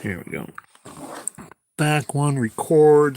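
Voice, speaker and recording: Dude chatting on his livestream while editing clips, lively bouncy voice, talks to himself and the viewers. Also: medium pitch, measured pace, noisy background. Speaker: livestreaming video creator. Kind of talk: casual livestream chat while editing video.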